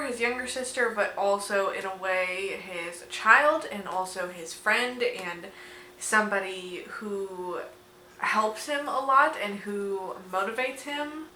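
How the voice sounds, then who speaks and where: A woman's voice: mid-range voice, sharp tone, slight background noise. A young woman talking casually to camera about a book she is reading, chatty and gushing, swearing freely. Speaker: book vlogger. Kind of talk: casual reading vlog chat. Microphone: camera mic, no external microphone. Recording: echoey room.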